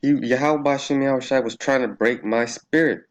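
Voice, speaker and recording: A man's voice: mid-range voice, moderate pace, lo-fi sound. A man talking casually through a Bible study in his own video, loose and swearing, laughing and thinking aloud as he reads. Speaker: religious vlogger.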